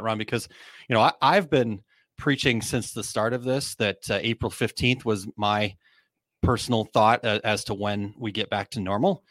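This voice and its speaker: A man's voice: mid-range voice, fairly bright tone, no room sound, studio quality. A man hosting a casual trade talk show, reading out listener comments and chatting loosely with plenty of fillers and restarts. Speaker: podcast host.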